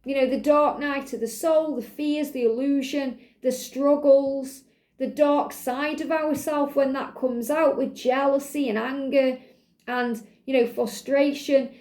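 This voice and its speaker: A woman's voice: sits high, a little slow, darkish tone, roomy sound. A woman doing a guided card reading for viewers, speaking in a soothing, repetitive way and addressing the listener directly. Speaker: tarot card reader.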